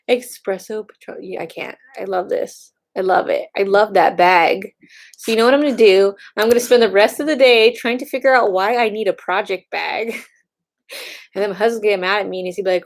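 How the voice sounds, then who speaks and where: Gushing, excitable woman in casual chat. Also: medium pitch, a little fast. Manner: gushing, excitable, talks while browsing.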